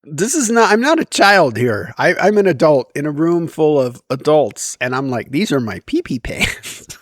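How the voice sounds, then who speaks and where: A fairly high-voiced man telling his own awkward stories straight to camera, swinging his pitch up and down as he goes. He laughs at himself and gets loud when he acts out what he said. The sound is close and dry, with no room around it. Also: moderate pace, no echo. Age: adult. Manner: animated, self-deprecating, with bursts of loud quoting. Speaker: vlogger. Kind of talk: casual storytime monologue. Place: outdoors in daylight.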